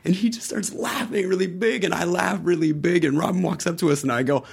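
A man in his forties telling stories in a casual podcast chat, acting out quoted lines with raised pitch and laughter. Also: expressive, moderate pace, creaky, hardly any pauses, slightly rough. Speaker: podcast guest, actor.

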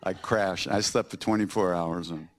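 Speaking at a normal pace in a low voice, this podcast host tells stories from his own life, playing out each scene with energy and laughs.

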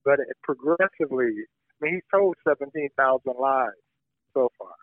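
A man's voice: medium pitch, lively intonation, moderate pace, no echo. A man talking as a journalist guest in an interview, building his points earnestly with pointed examples over a phone call. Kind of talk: conversational interview. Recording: tinny phone line.

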